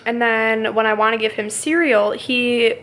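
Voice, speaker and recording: A chatty young woman rants through a chaotic story in a casual vlog, her voice pitched a little high. Her talk is dotted with fillers, and she runs her words together as she goes. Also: steady tone, unhurried, fairly bright tone, a little hiss or hum, rough recording. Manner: chatty, ranting, full of "like" fillers. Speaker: vlogger and young mother.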